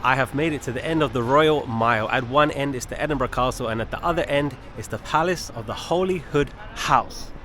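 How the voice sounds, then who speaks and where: A man's voice: mid-range voice, fairly quick, hardly any pauses, fairly bright tone, a little hiss or hum. A man filming a walking travel vlog outdoors on city streets, chatty and enthusiastic, often exclaiming at what he sees. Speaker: travel vlogger.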